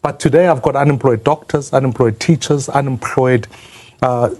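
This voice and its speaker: Man, mid-pitched, earnest interviewee, reflective delivery. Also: normal speed, darkish tone. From South Africa.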